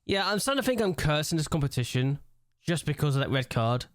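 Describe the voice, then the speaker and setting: A man's voice: fairly high pitch, very animated, quick pace, no echo, clean studio sound. A young man giving let's-play commentary on a football management game at a desk mic. He rants and complains in exasperation at what happens on screen. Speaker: gaming YouTuber.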